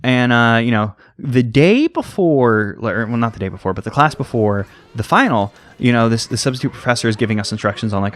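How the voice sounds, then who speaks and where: With lively intonation and few pauses, this young American man speaks fairly quickly in a mid-range voice. He's a let's play host giving casual commentary over a game, rambling, tangent-prone, heavy on fillers, and full of side stories.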